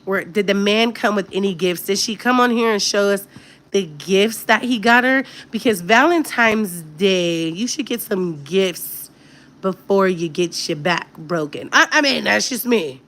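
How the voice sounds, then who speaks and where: A woman's voice: medium pitch, lively intonation, a little slow, fairly bright tone. A woman hosting a casual livestream chat, talking candidly and directly to her viewers. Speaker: livestream host.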